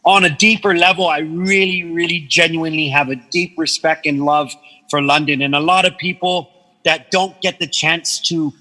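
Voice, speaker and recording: A podcast guest from Guam tells animated stories in casual chat, swearing freely and acting out the voices of people he quotes. His voice is on the high side at normal speed, and the poor audio has a long reverb tail.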